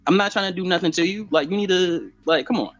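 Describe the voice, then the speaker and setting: A man's voice: high-pitched, fast talker, a bit bright. A man co-hosting a podcast, pressing a question over and over in a heated debate. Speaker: podcast co-host. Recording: dull lo-fi sound.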